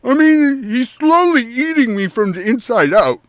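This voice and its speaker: A man's voice: very high voice, big pitch swings, measured pace, no room sound, pitched above the performer's own voice, full character voice. A man voicing a distracted, chatty candy-apple-headed man who talks as if his mouth is full. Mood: chatty resigned. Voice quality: mushy, as if talking with a full mouth. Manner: rambling, cheerfully resigned.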